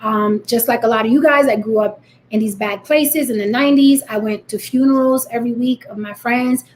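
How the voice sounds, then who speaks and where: A woman's voice: fairly high pitch, a little fast, slight background noise. A woman in her thirties from the Bronx with a New York accent, talking bluntly and defiantly to her viewers in a vlog. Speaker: vlogger. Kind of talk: direct-to-camera rant.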